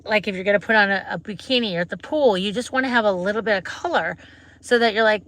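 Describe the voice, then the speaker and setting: A woman's voice: medium pitch, quick pace, a bit bright. A woman from Wisconsin with a Midwestern accent, chatting casually with viewers on a livestream and rambling from question to question. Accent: Midwestern American (Wisconsin). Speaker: livestream host.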